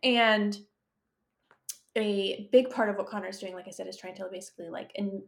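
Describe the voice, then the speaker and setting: A woman's voice: mid-range voice, fairly even intonation, normal speed, gravelly. A woman co-hosting a podcast, gushing in casual chat, full of fillers. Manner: gushing, lots of "like". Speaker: podcast co-host.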